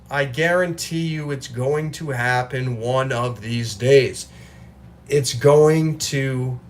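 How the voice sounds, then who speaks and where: A man in his forties hosting a motivational livestream, talking earnestly and often clearing his throat. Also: fairly high pitch. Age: 40s. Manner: earnest, reads and answers chat. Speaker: livestream host.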